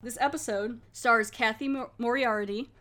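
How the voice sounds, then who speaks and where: A woman's voice: a little high, steady tone, moderate pace, a bit bright. A woman hosting a podcast, talking in a chatty, rambling way and laughing often. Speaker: podcast host. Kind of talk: casual chat.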